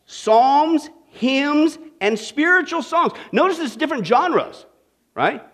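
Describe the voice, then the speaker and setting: A male pastor preaching with a high, bright voice that swoops up and down. He leans hard on rhetorical questions and keeps checking in with his listeners. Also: slow pace. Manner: animated, asks the audience rhetorical questions. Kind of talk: sermon.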